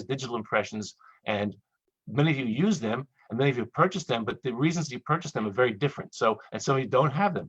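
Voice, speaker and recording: Man, husky voice, rapid chatty lecture, joking asides, dull dry webinar audio. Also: mid-range voice, fairly bright tone, no echo. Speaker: dentist lecturer.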